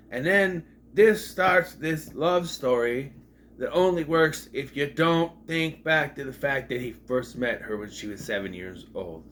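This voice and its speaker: A man's voice: medium pitch, fairly bright tone, slight background noise. Chatty man rambling through a TV retrospective. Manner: rambling, chatty, jokey asides. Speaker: video reviewer. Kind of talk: casual retrospective commentary.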